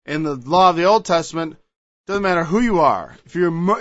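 A man's voice: fairly high pitch, lively intonation, brisk, no echo. A man preaching a sermon, emphatic and digressive, reading scripture and explaining it. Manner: acts out quoted voices, emphatic, digressive. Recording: dull, lo-fi dry recording.

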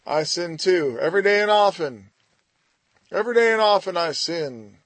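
A man's voice: high-pitched, animated, moderate pace, fairly bright tone, no room sound, full character voice. A man putting on a lax, easygoing male Southern preacher with a Southern US accent, breezily brushing off sin. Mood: breezy.

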